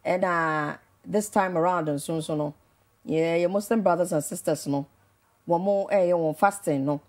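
A woman's voice: on the low side, steady tone, moderate pace. A Ghanaian woman with a Ghanaian accent hosting a casual morning show interview, mixing Twi and English with many hesitant fillers. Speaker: radio show host.

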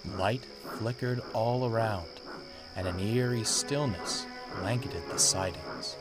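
A man narrating a read-aloud story in a measured, expressive way. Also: fairly low pitch. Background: music.

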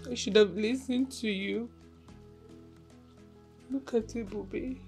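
An actress playing an ashamed young wife, Nigerian. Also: female voice, medium pitch, a little mellow, natural voice. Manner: subdued, apologetic, hopeless. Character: remorseful young village wife, ashamed and tearful.

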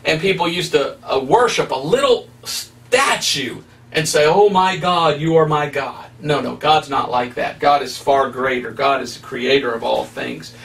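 A man's voice: mid-range voice, a little slow, creaky, a bit bright, recorded from a distance. A man preaching as an evangelist, teaching Scripture with emphatic, rising stresses. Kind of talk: preaching Bible study.

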